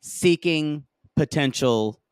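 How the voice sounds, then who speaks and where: A man co-hosting a casual reality-TV recap podcast, jokey and animated, often mimicking the cast in high mocking voices. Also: slow pace, smooth, dry recording, clean studio sound. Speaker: podcast co-host.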